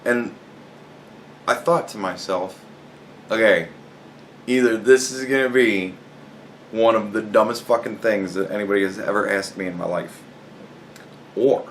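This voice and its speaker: A man's voice: on the low side, a little slow, long pauses, a little hiss or hum. Profane storytelling man, laughing. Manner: profane, animated, laughing a lot while telling. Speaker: podcast host. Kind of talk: casual storytelling.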